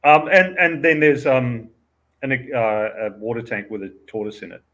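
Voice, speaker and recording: A man's voice: medium pitch, expressive, moderate pace, a bit bright, rough recording. A man co-hosting a casual movie chat, telling the story with incredulous laughter.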